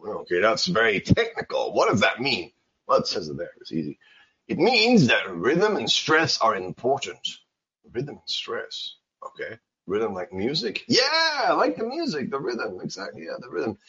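Lively guy teaching english pronunciation, kinda husky, muffled lo-fi audio. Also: lowish voice, normal speed. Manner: animated, repeats words for emphasis. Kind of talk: casual spoken lesson. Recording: dull lo-fi sound.

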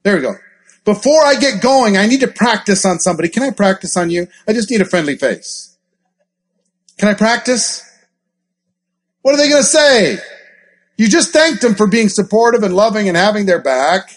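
A man giving a live sales training talk, acting out sample scripts in an animated, coaching manner. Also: sits high, a little fast. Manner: animated, acts out scripts and gasps for effect. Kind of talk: live training talk with role-play examples.

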